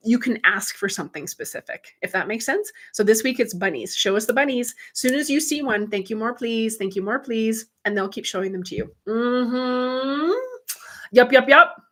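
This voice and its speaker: A woman with a fairly high voice hosts a live stream as a spiritual medium. She talks casually and chattily to her viewers, swears freely and breaks into laughter often. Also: fairly bright tone. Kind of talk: casual livestream chat with viewers.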